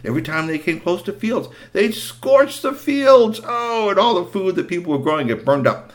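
Man telling a lively myth to kids. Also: high voice, normal speed. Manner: chatty asides, lively. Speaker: storyteller. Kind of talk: animated storytelling for children.

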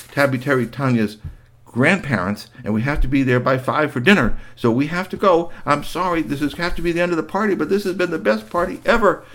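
A man voicing a polite, brisk woman doctor in a children's story, apologetic and hurried as she ends a party. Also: mid-range voice, a bit bright, close to an everyday voice.

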